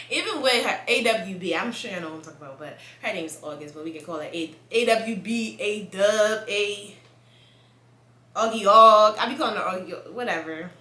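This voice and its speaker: A young woman, chatting casually to camera in a blunt, profane and animated way, laughing often. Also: mid-range voice, moderate pace, echoey room. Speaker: vlogger.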